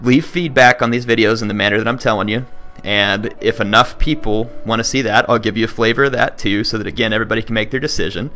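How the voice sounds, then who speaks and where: Bright-voiced man chatting to viewers. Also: on the low side, fast talker, hardly any pauses. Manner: earnest, rambling, many restarts. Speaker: gaming YouTuber. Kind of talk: casual talk to viewers.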